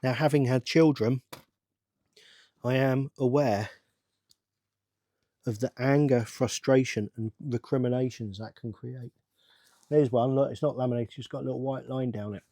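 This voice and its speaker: A middle-aged man chats away to himself as he works at a table, rambling with sudden bursts of excitement. His voice sits at an ordinary middle pitch. The recording is dry and close, with no room sound. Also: moderate pace, pauses often, no echo. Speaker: channel host. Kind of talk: casual build-along chat.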